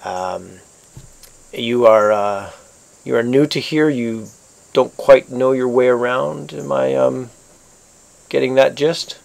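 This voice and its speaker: A shrewd, businesslike local fixer, played by a game master. He has a gravelly edge and speaks in a measured, somewhat subdued way. His pitch sits in a middle range for a man. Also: darkish tone.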